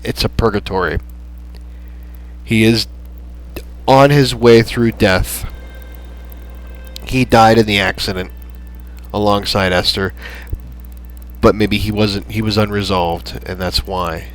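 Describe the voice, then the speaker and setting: Rambling man with a lowish voice. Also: fairly even intonation, rough recording. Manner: rambling, halting, many fillers and restarts. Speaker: gaming channel host. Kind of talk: casual gameplay commentary. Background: soft background music.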